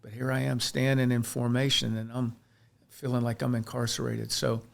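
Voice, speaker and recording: In a podcast interview, a chiropractor from Pennsylvania opens up about his life story, earnest and reflective. He talks at normal speed in a mid-range voice with vocal fry and flat delivery, restarting frequently.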